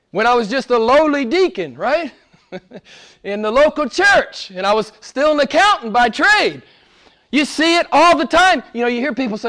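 High-voiced pastor preaching a sermon. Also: male voice. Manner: wide swings from loud emphatic preaching to soft low asides.

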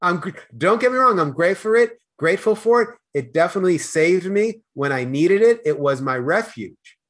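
A man with a Boston accent talking fast as a podcast guest, with stammered restarts and slurred words. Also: high-pitched, expressive, a bit bright. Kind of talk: casual conversation.

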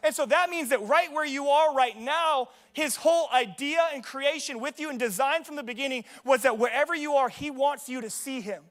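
A young male pastor with a strikingly high voice preaches in a loose, conversational way. He jokes with the congregation and moves from personal stories into the sermon's message. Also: moderate pace, hardly any pauses, a bit bright. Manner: casual, joking, conversational. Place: church service.

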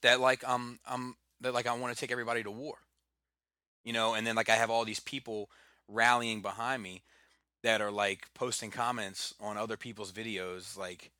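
Man, casual podcast chat, rambling stories, lots of swearing and fillers, very bright forceful tone, dry close sound. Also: medium pitch, level tone, normal speed, no echo. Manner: rambling storytelling full of fillers and profanity.

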